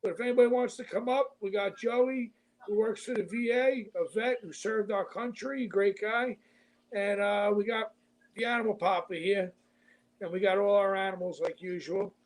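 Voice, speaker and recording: Man, livestream host, from brooklyn, high voice, easygoing chat. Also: fairly even intonation, moderate pace, low-quality recording. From Brooklyn, New York. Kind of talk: casual chat, greeting viewers.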